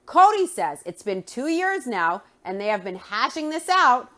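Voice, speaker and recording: A woman giving blunt, opinionated recap commentary on a TV show, swearing freely and adding sharp remarks between retold scenes. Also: a little high, big pitch swings, measured pace. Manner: recounts scenes, then adds sharp remarks.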